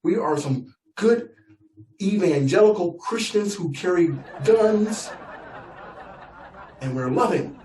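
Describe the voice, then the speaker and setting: A man's voice: high-pitched, lively intonation, takes it slowly, long pauses, darkish tone, some chatter behind, voice pushed up. A man voicing a bossy, threatening male rancher who is proud of his guns and keeps calling the listener "boy", in a blustering manner. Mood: defiant. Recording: echoey room, distant mic, faint noise.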